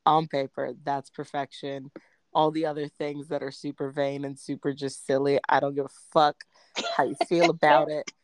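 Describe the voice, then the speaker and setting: A woman's voice: deep voice, moderate pace, no echo. A woman chatting casually on a podcast, outspoken and goofy, swearing freely. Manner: outspoken, profane, animated and goofy. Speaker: podcast co-host. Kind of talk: casual chat.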